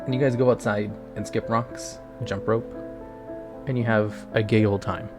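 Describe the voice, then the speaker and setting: A man's voice: fairly low pitch, steady tone, normal speed. A man casually narrating a choose-your-own-adventure game live for his chat, playful and loose. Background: background music.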